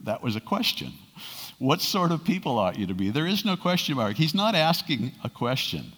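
A man's voice: on the high side, sing-song, moderate pace, fairly bright tone. A male pastor preaching a sermon in a conversational way, asking his listeners rhetorical questions and paraphrasing scripture. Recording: long reverb of a large hall.

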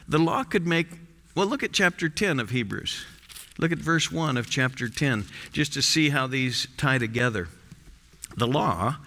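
A man preaching an expository sermon, reading scripture slowly with strong emphasis. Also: on the high side, bright, forceful tone. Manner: emphatic, rising and falling for stress, slow deliberate reading. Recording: long hall reverb.

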